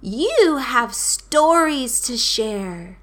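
A woman voicing a tiny, kindly male mouse in a storybook reading, with a squeaky, soothing voice. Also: very animated, very slow, fairly bright tone, exaggerated voice. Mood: reassuring. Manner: soothing, reassuring.

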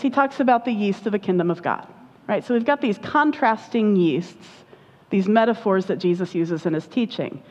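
A woman's voice: medium pitch, darkish tone. A woman giving a conversational sermon as a preacher, chatty and often checking in with her listeners. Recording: dull lo-fi sound with long hall reverb.

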